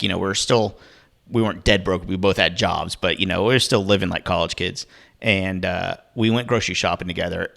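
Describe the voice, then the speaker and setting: Gravelly low-voiced man rambling casually. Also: a bit bright. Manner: rambling, self-deprecating, many fillers. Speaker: podcast host. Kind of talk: casual chat.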